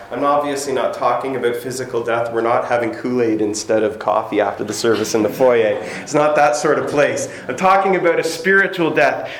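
A man's voice: mid-range voice, a little hiss or hum. A man preaching a sermon as pastor in a church, emphatic and repetitive, with joking asides. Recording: echoey church room.

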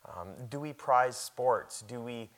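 A man preaching a sermon in a conversational way, often repeating words and growing much louder and higher when he reads scripture aloud. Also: slow pace.

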